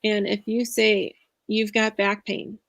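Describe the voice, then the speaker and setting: A woman in her thirties talks as an interview guest, earnest and reflective, with a confiding way of sharing. Her voice has a gravelly, fry-laden texture and sits in a middle register. It is recorded close and dry, as on a video call. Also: medium pitch, level tone, slow pace, no room sound. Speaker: guest speaker, empowerment coach. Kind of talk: casual interview conversation.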